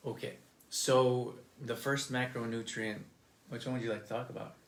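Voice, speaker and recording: A man's voice: medium pitch, steady tone, normal speed, roomy sound. A man co-hosting a live nutrition show, explaining things in a loose, rambling way with many restarts. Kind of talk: casual live-stream chat.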